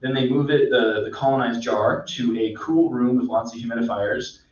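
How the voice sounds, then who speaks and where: A man, a mycologist guest, explaining in a relaxed, rambling way with many fillers. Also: medium pitch, normal speed. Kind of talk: casual explanatory chat. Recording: echoey, distant, dull sound.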